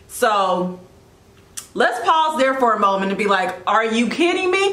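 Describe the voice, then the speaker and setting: A woman giving a casual devotional talk about leadership, animated and chatty, with quick asides and self-corrections. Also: fairly high pitch, roomy sound. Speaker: Christian blogger giving devotional teaching.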